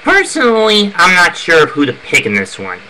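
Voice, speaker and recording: A man's voice: a little high, huge pitch swings, normal speed, bright, forceful tone, slight background noise, low-quality recording. A man giving his fight predictions in a casual monologue, opinionated and prone to heated rants. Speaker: wrestling fan giving event predictions. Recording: music playing under the voice.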